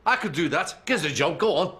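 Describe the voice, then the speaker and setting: A man's voice: fairly high pitch, lively intonation, brisk, noisy background, close to an everyday voice. A comic actor playing an angry, pushy, jobless working-class man. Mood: pleading. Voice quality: pushy, repeats "giz a job".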